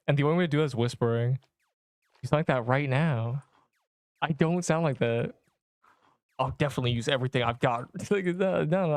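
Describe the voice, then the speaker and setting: A hoarse young man casually chatting and joking while live-streaming a game. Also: medium pitch, dry recording, studio quality. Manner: joking, chatty, quick to laugh.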